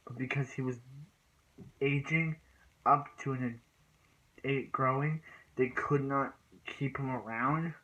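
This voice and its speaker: A man's voice: mid-range voice, fairly bright tone. Rambling man recapping on dull lo-fi audio. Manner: rambling, full of restarts and "like" fillers, bursts of exasperation. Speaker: TV episode reviewer. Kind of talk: casual rambling recap and review.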